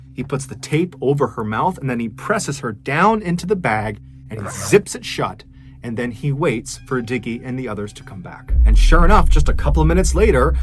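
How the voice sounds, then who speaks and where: A man's voice: mid-range voice, a little hiss or hum. A man hosting a podcast, telling a true crime story in a conversational, earnest way. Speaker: podcast host.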